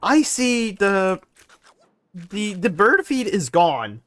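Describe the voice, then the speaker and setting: Young man, game streamer, rambling, laughs a lot, pitch swinging up and down. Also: slow, no room sound, soft background music. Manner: animated, rambling, laughs often. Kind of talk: casual live-stream chat while gaming.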